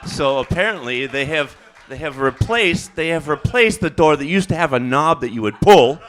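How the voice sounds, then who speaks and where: A man doing a stand-up comedy set, rambling and halting, with fillers and self-corrections. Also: on the high side, lively intonation, a bit bright.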